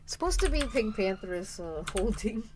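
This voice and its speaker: A woman's voice: medium pitch, very animated, brisk, noisy background. A young woman chatting casually on her art stream, rambling and stopping herself mid-sentence, often laughing. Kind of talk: casual live-stream chat. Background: soft background music.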